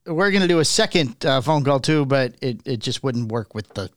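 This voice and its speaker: A man co-hosting a casual podcast, reading news items aloud and stumbling over names, with a relaxed chatty delivery. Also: medium pitch, moderate pace, no room sound, studio quality.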